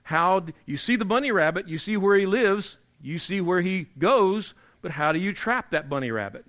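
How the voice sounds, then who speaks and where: A man preaching a sermon, emphatic and repetitive, dropping low and quiet to drive points home. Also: lively intonation, moderate pace. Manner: emphatic preaching, repeats key phrases, drops to quiet for emphasis. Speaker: pastor.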